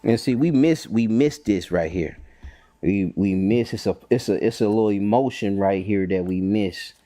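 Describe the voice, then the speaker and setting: A man leading a bible study, retelling the text in loose slangy talk with lively voices for the characters. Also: on the low side, normal speed, no echo. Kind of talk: casual bible study commentary.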